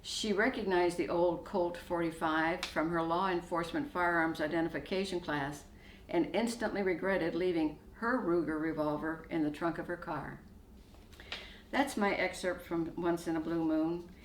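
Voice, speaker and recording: A woman author reading her own short story aloud in a steady storytelling manner. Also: lowish voice, moderate pace, recorded from a distance. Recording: echoey room, faint hiss.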